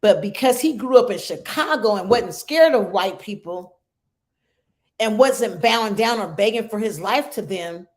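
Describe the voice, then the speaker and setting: A woman's voice: medium pitch, animated, moderate pace. Middle-aged woman hosting a grief support talk, emotional, keeps asking "right?" and "okay?". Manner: earnest, conversational, checks in with "right?" and "okay?". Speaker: host of a support group for grieving mothers.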